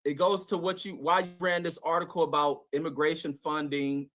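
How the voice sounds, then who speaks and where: A man's voice: on the high side, level tone, brisk, crowd noise. A man in a heated live-stream debate, needling his opponent and reading fact checks aloud. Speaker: debate panelist.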